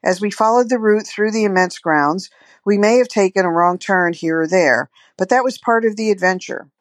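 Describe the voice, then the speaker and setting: A hoarse woman giving a prepared, gracious testimonial about her tour. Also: on the low side, dry recording, clean studio sound. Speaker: listener guest.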